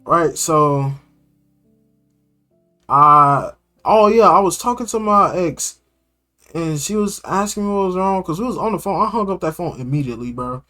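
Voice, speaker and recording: Animated young man telling a story. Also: a little high, moderate pace, pauses often, faint music behind. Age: young adult. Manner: animated, slangy storytelling with lots of bro. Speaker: streamer.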